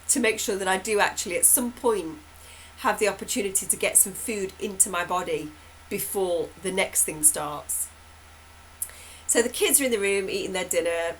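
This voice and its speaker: A woman shares a homely story in a loose, chatty way. She wanders off on tangents and laughs along as she talks. Her voice sits at an ordinary pitch for a woman. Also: fairly bright tone, a little hiss or hum, low-quality recording. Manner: chatty, rambling, laughs often. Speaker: hypnotherapist host. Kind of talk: casual storytelling update.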